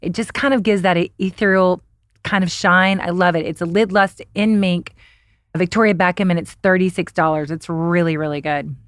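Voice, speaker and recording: A woman's voice: on the low side, fairly even intonation, normal speed, no room sound, clean studio sound. Chatty woman recommending beauty products. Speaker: podcast co-host. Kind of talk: casual beauty podcast chat.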